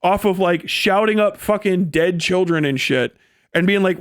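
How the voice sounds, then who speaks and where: A man's voice: sits high, moderate pace, a bit bright, smooth, no room sound, clean studio sound. A young man ranting on a livestream, profane and mocking, slipping into sneering impressions of others. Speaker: live streamer. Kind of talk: angry political rant on a livestream.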